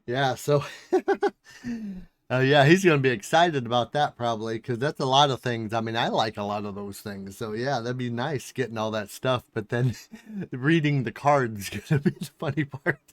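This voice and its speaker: A man's voice: medium pitch, normal speed, no room sound. A man hosting a reaction video, chatting casually and chuckling as he comments. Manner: relaxed, chuckling, rambling.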